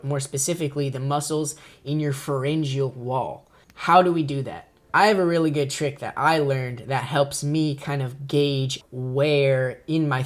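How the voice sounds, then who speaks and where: Young man casually teaching voice tricks. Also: medium pitch. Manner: informal, chatty, explains step by step. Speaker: voice tutorial creator. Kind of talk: casual spoken tutorial.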